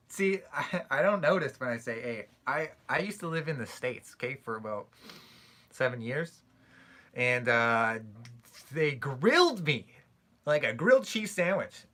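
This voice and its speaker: Canadian dude on his first livestream, jokey, reading chat, kinda bright sounding. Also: mid-range voice, unhurried. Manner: chatty, joking, animated when telling stories. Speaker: livestream host. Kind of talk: casual live chat reading comments.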